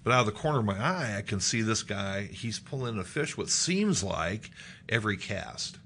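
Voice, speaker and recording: A middle-aged man from Nebraska tells a personal story with a low, gravelly voice. He lifts his voice to act out what people said. Faint noise sits under the recording. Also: moderate pace. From Nebraska, United States. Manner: animated storyteller, acts out quotes in a raised voice. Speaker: guest.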